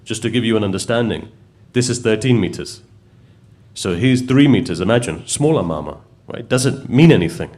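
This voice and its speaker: A man's voice: lowish voice, expressive, moderate pace, darkish tone. A man preaching, telling a story in a conversational way and putting questions to his listeners. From United Kingdom. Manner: conversational, asks the audience questions. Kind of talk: storytelling sermon.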